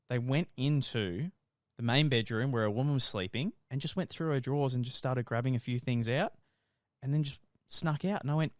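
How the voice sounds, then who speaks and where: A man's voice: medium pitch, no echo, clean studio sound. A young man, co-hosting a podcast, telling stories animatedly with lots of swearing and laughter. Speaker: podcast co-host. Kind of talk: casual chat.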